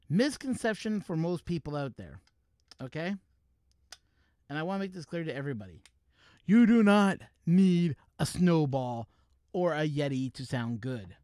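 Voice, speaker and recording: A man's voice: on the high side, a little mellow, no room sound. A man from Canada hosting a livestream, chatting casually about microphones with a joking, explanatory manner on a studio mic. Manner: jokey, explains gear, breaks into laughter. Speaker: livestream host. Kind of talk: casual chat to a co-host on stream. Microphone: professional mic wired into a mixer.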